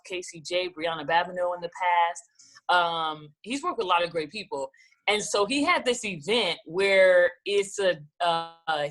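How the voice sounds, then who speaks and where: A woman, a gospel singer-songwriter, being interviewed and telling her story in a lively, animated way. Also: medium pitch. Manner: animated, acts out quoted dialogue.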